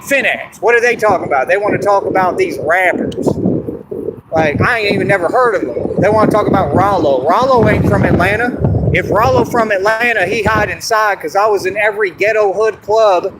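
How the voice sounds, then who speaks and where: Speaking fairly quickly in a high-pitched voice, a man from Texas delivers a repetitive, boastful monologue to the camera, frequently asking "you understand?" The vlog is very noisy.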